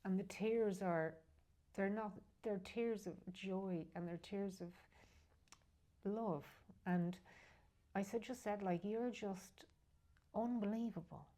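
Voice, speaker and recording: A woman's voice: medium pitch, slow, dark tone. A woman speaking as a guest in a candid conversation, emotional and frank, sometimes dropping almost to a whisper. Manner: emotional, heartfelt, drops to a near whisper at times; frank, occasionally swears.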